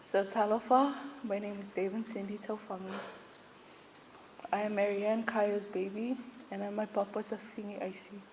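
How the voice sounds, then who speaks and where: In an echoey church hall with faint background noise, a woman honors her late grandfather, tearful yet humorous as she recounts amusing memories. She speaks at a normal speed with a medium, slightly mellow pitch and a flat delivery.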